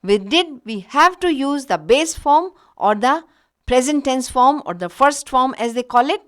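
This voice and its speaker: A woman gives a recorded grammar lesson in a fairly high voice that rises and falls a lot. She speaks slowly and patiently, stopping to give example after example. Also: lively intonation, fairly bright tone. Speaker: English teacher.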